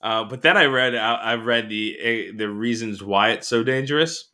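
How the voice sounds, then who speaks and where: A man's voice: mid-range voice, moderate pace. A man co-hosting a podcast, casually telling a story and chuckling as he goes. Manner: animated storyteller who chuckles through anecdotes. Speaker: podcast co-host.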